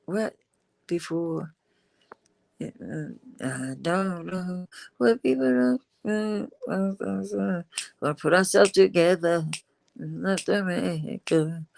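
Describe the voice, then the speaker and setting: A woman's voice: lowish voice, gravelly, dry recording. A middle-aged woman, hosting a casual livestream in a loose, preachy way and now and then singing snatches of a song. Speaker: livestream host.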